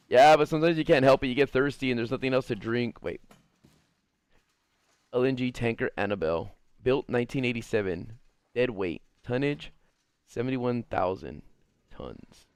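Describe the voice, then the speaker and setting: A man's voice: medium pitch, normal speed, clear, resonant tone, dry recording. A young man giving casual let's-play commentary as a gaming streamer, joking, swearing and chatting with his viewers.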